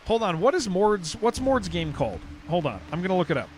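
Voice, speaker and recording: A man's voice: high voice, sing-song, brisk, a little hiss or hum. Californian man streaming, rambling casual chat. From San Diego, California. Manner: rambling, restarts sentences, says dude a lot. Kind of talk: casual live-stream chat while gaming.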